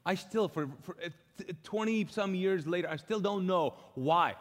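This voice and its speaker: A middle-aged male pastor telling a personal story in a sermon, lively and acting out the dialogue. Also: high-pitched, moderate pace. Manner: animated, acts out quoted dialogue. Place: church auditorium, live. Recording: long reverb of a large church hall.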